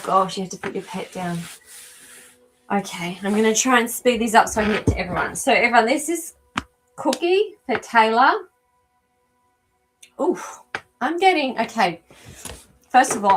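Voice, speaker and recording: A woman who isn't from America hosts a live animal communication show, doing readings for viewers, chatting casually and thinking aloud with plenty of ums. Her voice is medium-pitched. The recording is rough.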